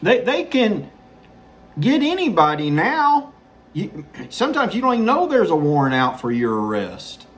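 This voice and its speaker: A man's voice: sits high, huge pitch swings, moderate pace, fairly bright tone. A man hosting a political commentary show, sarcastic and mocking as he reacts to news. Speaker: host.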